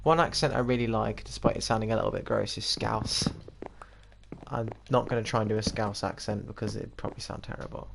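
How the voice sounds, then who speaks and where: A young British gaming YouTuber with a slightly posh English accent rambles through casual gameplay commentary, laughing at himself. His voice is lowish, steady, a little fast, and creaky. Mouse clicks come through on the noisy recording.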